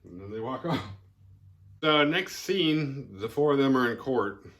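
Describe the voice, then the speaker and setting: A man's voice: mid-range voice, lively intonation, a little slow, a bit bright. Chuckling man recapping a movie. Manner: rambling, chuckling, acts out quotes. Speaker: podcast host.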